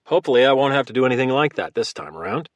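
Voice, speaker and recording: A man voicing a calm, calculating former Marine who talks in a friendly, easygoing way. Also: mid-range voice, rapid-fire, no room sound, lightly acted. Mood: casual. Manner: casual and friendly, turning hard.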